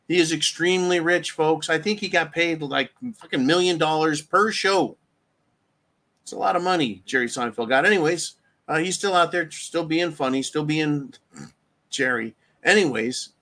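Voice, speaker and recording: A man's voice: fairly high pitch, normal speed, sharp tone. A middle-aged man hosting a solo commentary rant, rambling, sarcastic and profane. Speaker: host.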